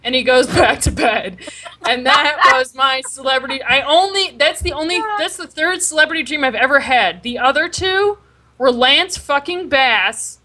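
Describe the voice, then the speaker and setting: Brief: young woman, bright high voice, animated, profane storyteller. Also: moderate pace. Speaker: podcast co-host. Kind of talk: casual chat.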